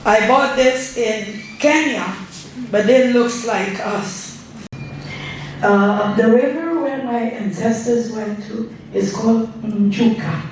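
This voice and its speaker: Slow-talking woman in an echoey hall. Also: fairly high pitch, slight background noise. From Suriname. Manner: unhurried, conversational, explains objects and checks in with the audience. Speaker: ambassador giving a guest lecture. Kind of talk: public lecture. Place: large university lecture hall. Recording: very echoey hall, faint room ambience.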